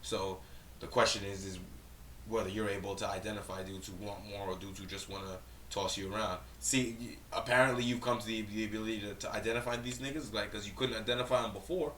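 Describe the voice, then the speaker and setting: A man's voice: on the low side, fairly even intonation, fast, a bit bright. A man co-hosting a reaction channel, giving blunt, profane, heated commentary. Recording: echoey room, distant mic, faint noise.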